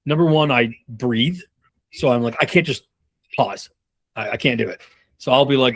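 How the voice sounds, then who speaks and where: A man's voice: medium pitch, moderate pace. A man in his thirties coaching on a call, casual and rambling, with many fillers and restarts. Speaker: sales leadership coach.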